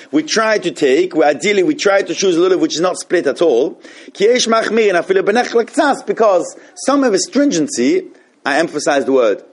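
Higher-voiced man teaching a text class. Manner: explains texts slowly with many restarts and repeated phrases. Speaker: Torah teacher. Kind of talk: halachic class with questions.

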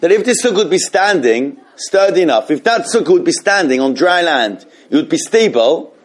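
A man with a slightly high voice teaches a class on Jewish law. He stumbles over restarts and keeps turning to the room with questions. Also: very animated, a little fast. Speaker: Torah teacher.

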